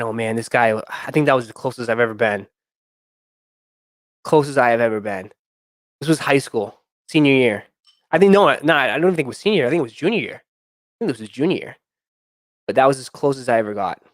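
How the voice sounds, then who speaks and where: A man's voice: mid-range voice, a bit bright, no room sound, clean studio sound. A young man hosting a stream, telling a story in a loose, rambling way with many fillers and restarts. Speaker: sneaker channel host.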